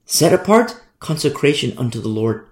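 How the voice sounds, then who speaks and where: A man preaching a sermon with fervent emphasis, swinging between loud declarations and hushed asides. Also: medium pitch, very animated, normal speed. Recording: echoey room.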